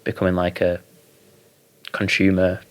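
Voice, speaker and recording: A man's voice: low voice, monotone, a little slow. A young man, a guest talking casually and hesitantly about clothes and modelling. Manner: laid-back, hesitant, lots of ums and likes. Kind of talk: casual interview chat.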